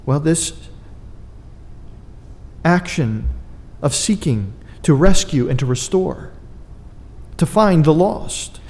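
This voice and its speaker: A man's voice: fairly high pitch, expressive, slow pace, pauses often, a little mellow, big-room sound. A man preaching a sermon, earnest and emphatic, with dry asides to his congregation. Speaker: pastor.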